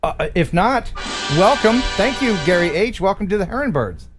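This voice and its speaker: A man's voice: high voice, animated, moderate pace, music in the background. A man hosting a livestream, bantering and joking with his guests. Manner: jokey, playful banter. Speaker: livestream host. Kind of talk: casual chat.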